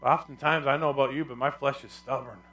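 A middle-aged man preaching a sermon as pastor, dropping soft and low then rising loud, and calling on the congregation to answer back. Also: steady tone, quick pace.

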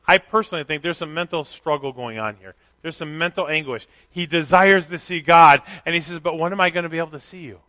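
A middle-aged pastor giving a candid, conversational sermon with self-deprecating asides. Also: male voice, a little high, sharp tone.

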